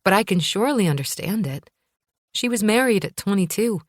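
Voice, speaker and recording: A woman narrating a first-person thriller audiobook in a calm, measured way. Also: mid-range voice, no echo, studio quality.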